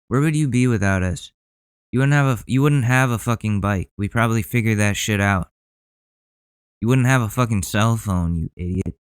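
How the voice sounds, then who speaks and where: A man's voice: fairly low pitch, normal speed, clean tone, no room sound. A male podcast host ranting heatedly in profane commentary.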